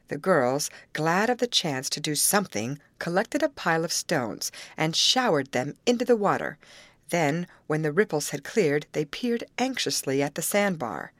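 A woman narrating a novel aloud in an expressive, varied way. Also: deep voice, moderate pace, no room sound. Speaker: audiobook reader. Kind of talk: scripted narration.

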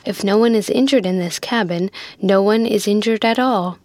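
A woman voices an eager young mate, sounding keen and reassuring. Her mid-range voice moves at a normal speed and is a little mellow, close to an everyday voice, recorded clean in a studio with no echo.

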